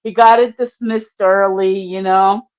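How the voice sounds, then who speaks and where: An older woman telling a personal story casually, profane and animated, acting out the voices in it. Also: medium pitch, unhurried, clean tone, highs cut off. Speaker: storyteller guest.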